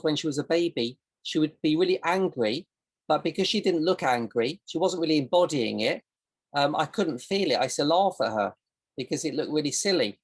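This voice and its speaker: A woman's voice: low-pitched, breathy edge. A woman teaching a casual online coaching session over a video call, in a loose, rambling way with plenty of examples. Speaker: self-discovery coach.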